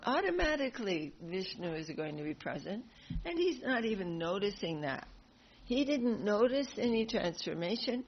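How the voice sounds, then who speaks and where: Slow-spoken woman telling a sacred story. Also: medium pitch, highs cut off, a little hiss or hum. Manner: animated, laughing retelling with acted voices. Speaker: spiritual class teacher. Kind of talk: devotional class storytelling.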